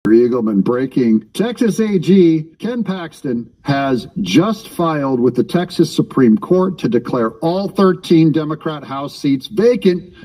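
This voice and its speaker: Sarcastic man with a mellow voice. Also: a little high, expressive, unhurried, hardly any pauses, rough recording. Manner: mocking, talks back at the clips. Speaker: commentary channel host. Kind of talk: sarcastic political commentary.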